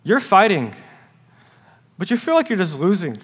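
A man preaching a sermon as pastor, earnest, rising to emphatic peaks and dropping to hushed, quiet lows. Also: sing-song, moderate pace, husky. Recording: long reverb of a church hall.

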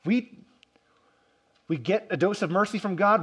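A man delivers a sermon as a pastor, his voice sitting a little high for a man. He tells a story and slips into quoted lines, lifting and dropping his delivery for emphasis. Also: a little fast. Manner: storytelling with acted quotes, rising and falling emphasis.

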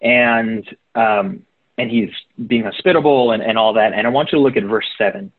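A man delivers a relaxed, conversational sermon, often turning to his listeners to check they follow. His voice is husky and comes through narrow and tinny, like a phone line. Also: fairly low pitch, moderate pace. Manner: conversational, addresses listeners directly. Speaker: preacher.

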